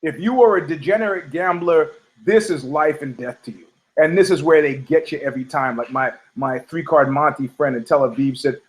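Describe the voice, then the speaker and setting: Male host from New York, high voice, profane and heated, rambling monologue. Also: normal speed, poor audio. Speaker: podcast host. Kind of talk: ranting monologue.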